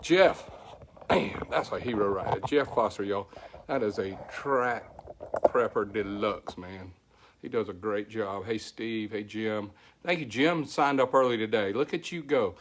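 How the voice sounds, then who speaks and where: A middle-aged man with a Southern country accent, slightly hoarse from a voice that is still recovering, chatting casually as the host of a weekly tech livestream and greeting viewers by name. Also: on the low side, a little slow, a little hiss or hum. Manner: rambling, folksy, thankful, greets viewers by name.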